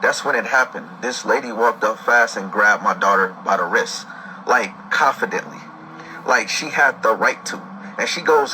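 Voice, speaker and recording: A man's voice: mid-range voice, expressive, moderate pace, bright, forceful tone, slight background noise, poor audio. A man, a father, recounting a tense story in an agitated, dramatic storytelling manner. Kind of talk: storytime video.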